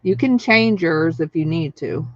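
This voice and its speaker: Woman livestream host, slow and chatty, excitable, dull dry lo-fi recording. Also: low voice, dry recording. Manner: chatty, excitable, laughs often, reads out viewer names. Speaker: craft channel host. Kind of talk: casual livestream chat.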